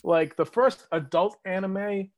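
A man's voice: high-pitched, slow, no room sound. Rambling man from New England. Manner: rambling, reminiscing with many fillers. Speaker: guest, host's father or uncle. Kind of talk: casual podcast chat.

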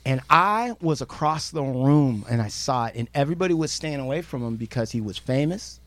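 A man co-hosting a podcast, telling a story in a brash, profane, animated way. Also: medium pitch, a little fast, no echo. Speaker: podcast co-host. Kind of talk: casual storytelling chat.

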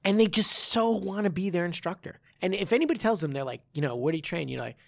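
Gravelly-voiced man telling a martial-arts story. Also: high-pitched, quick pace, few pauses, no echo. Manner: animated storytelling with swearing and restarts. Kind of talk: casual podcast chat.

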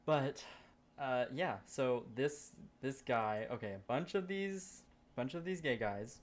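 A man on a podcast telling a story with animated, profane energy. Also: medium pitch, slow pace. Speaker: podcast co-host. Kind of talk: casual chat, storytelling.

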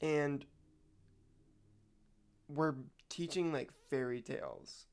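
Gravelly man teacher telling stories. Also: fairly high pitch, drawn-out words. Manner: animated storyteller, laughs along. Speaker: teacher and podcast co-host. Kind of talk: casual storytelling.

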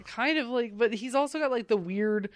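A woman co-hosting a casual chat, recapping a comic book and acting out the characters in quick put-on voices, with frequent swearing. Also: on the high side, no echo. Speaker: podcast co-host.

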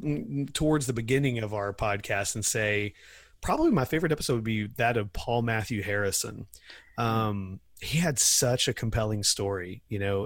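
A man hosting a podcast, chatting casually and haltingly with many fillers. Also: on the low side, no room sound, studio quality. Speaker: podcast host.

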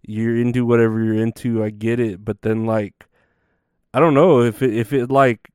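A laid-back man rambles through casual stream chat, trailing off into fillers and tossing in swear words. His voice is smooth and clear, with a dry, close sound. He sits at a middling pitch for a man. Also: steady tone, moderate pace, a little mellow, no echo. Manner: meandering, full of fillers and swearing. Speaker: livestreamer.

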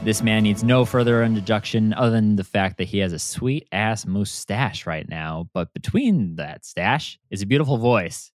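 Excited guy hosting a podcast, low voice that swings all over, swears a lot, dry sound. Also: normal speed, hardly any pauses, no room sound, faint music behind. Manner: animated, hyped, swears freely. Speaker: podcast host. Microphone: remote recording setup.

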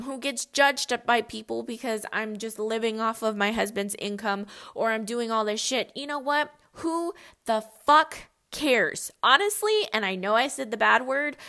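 A woman's voice: fairly high pitch, pushed and bright. A young woman hosting a podcast, giving a casual motivational talk in a blunt, emphatic way and swearing freely. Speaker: podcast host.

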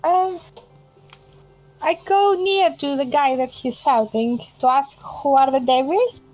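A woman playing a tabletop game, speaking hesitantly and softly. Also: high voice, takes it slowly, soft background music, low-quality recording. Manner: hesitant, soft-spoken. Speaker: player.

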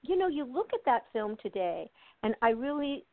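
A woman's voice: fairly high pitch, sing-song, normal speed, no echo. An older woman from the United States, chatting as an interview guest over a tinny phone line. She talks in easy, winding sentences full of fillers and laughter. The sound is dry and close. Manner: chatty, laughs often, many fillers and restarts. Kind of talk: casual interview chat.

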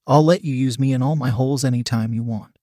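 Pleading woman lover read by a man, dry close sound, even pitch. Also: fast, dry recording, lightly acted. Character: eager submissive adult woman lover.

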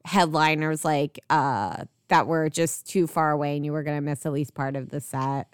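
A woman in her thirties co-hosts a casual podcast, rambling in a chatty, filler-heavy way with the odd swear. Her voice is a little low and very smooth and clean. The recording is dry and close. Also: moderate pace, no echo. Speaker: podcast co-host. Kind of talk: casual chat.

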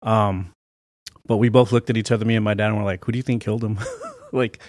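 A male podcast guest with a fairly low voice, speaking easily in short, relaxed answers. He sits close to a studio mic in a dry room. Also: fast, dry recording. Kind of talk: casual chat.

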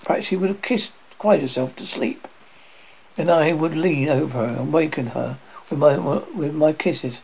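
Gravelly man reading a horror tale. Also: a little high, normal speed, darkish tone, low-quality recording. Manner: theatrical, with stumbles and restarts. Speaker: horror story narrator. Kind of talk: dramatic reading of a classic story.

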